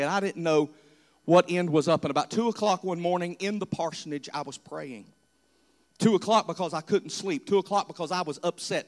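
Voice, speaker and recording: High-voiced earnest male preacher. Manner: earnest, dramatic storytelling preacher. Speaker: pastor. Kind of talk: sermon testimony.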